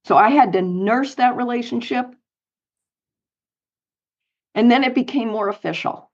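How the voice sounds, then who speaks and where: A middle-aged woman from Colorado, a guest telling animated anecdotes in an interview with light laughs. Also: fairly high pitch, unhurried, lo-fi sound. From United States, Colorado. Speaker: guest, author and speaker. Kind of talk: storytelling interview.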